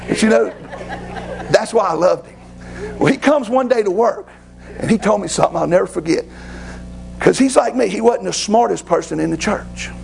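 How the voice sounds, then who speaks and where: A pastor tells a personal story in a sermon, folksy and excitable. His voice sits fairly high and is heavily gravelly. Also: moderate pace, long pauses, rough recording.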